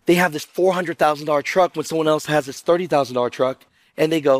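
Guy talking on a conference panel, kinda high voice, acts out what people said, asks the room for hands up, dry sound. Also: fast, dry recording. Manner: animated storyteller who acts out other people's lines and quizzes the audience. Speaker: trucking video creator on a conference panel. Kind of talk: lively conference panel talk.

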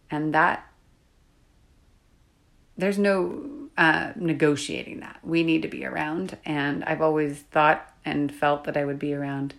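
A woman's voice: low voice, gravelly. A woman coach talking alone in a reflective, confiding way, sometimes dropping to a whisper. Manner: soft-spoken, confiding, drifts into whispers. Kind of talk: reflective solo podcast monologue.

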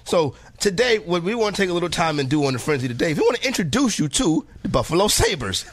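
A man's voice: high-pitched, very animated, fast talker. A man hosting a radio show, chatting casually and joking as he stumbles through a list of names. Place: radio studio.

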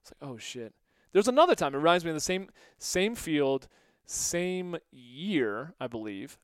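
A middle-aged man tells stories on his own podcast in a smooth, clear voice, recorded close and dry. He talks casually, jumps up in pitch to act out what people said, and keeps breaking into laughter. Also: measured pace, dry recording. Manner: animated, acts out quotes with raised pitch, laughs often. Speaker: podcast host. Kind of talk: casual storytelling monologue.

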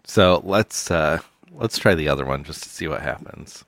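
Very deep-voiced man, dry close sound. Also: no echo. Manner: deadpan storytelling, low-key and unhurried. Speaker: podcast co-host. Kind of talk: casual comedic chat.

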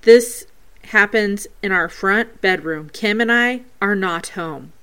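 Slow, smooth-voiced woman narrating ghost clips. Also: mid-range voice, a bit bright. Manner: earnest, spells out each sound step by step. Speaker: paranormal show host. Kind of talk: reading out and breaking down a listener's ghost recording.

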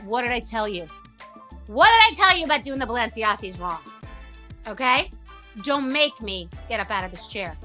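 A woman hosting a show, talking in a casual, animated, profane rant that mocks herself. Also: medium pitch. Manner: animated, profane, self-mocking. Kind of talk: casual ranty monologue.

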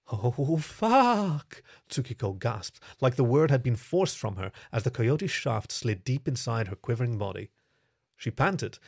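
A man reading a story aloud in steady, even scripted narration. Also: medium pitch, vocal fry, dry recording, studio quality.

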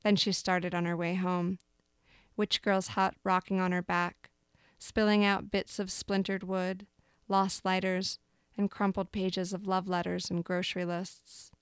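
A woman calmly reading aloud a dark fable, as storyteller. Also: lowish voice, a little slow, clear, resonant tone, no room sound, clean studio sound.

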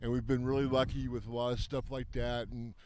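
A man who organizes a festival, answering interview questions in a halting way, repeating words and restarting. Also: mid-range voice, flat delivery, a little mellow, a little hiss or hum. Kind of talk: casual interview.

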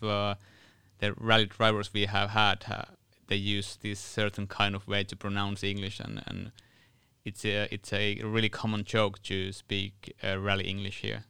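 A man from Finland whose first language is Finnish, interviewing a guest in casual, brief and gently wry talk. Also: fairly low pitch, completely flat delivery, moderate pace, vocal fry, clear, resonant tone, no echo. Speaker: interviewer, radio host.

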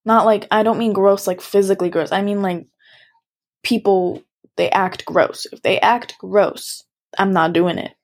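A woman's voice: mid-range voice, fairly even intonation, measured pace. Frank, emphatic teenage girl. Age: teens. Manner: frank, emphatic, filler-heavy. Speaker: interview guest. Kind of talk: casual interview talk.

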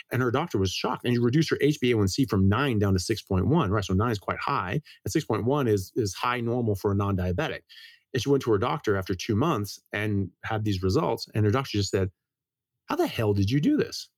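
A middle-aged man with a lowish voice, talking as a doctor in a casual interview. He rushes through lively stories, doubling words and restarting phrases. The recording is dry and close. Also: dry recording. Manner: lively storyteller. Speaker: guest, medical doctor.

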